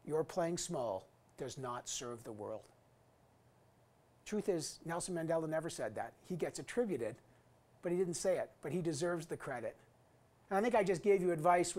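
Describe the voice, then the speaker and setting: A man's voice: on the high side, lively intonation, brisk, a little mellow. A man in his fifties giving an earnest, emphatic graduation address as an alumni guest speaker. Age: 50s. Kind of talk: recorded commencement address.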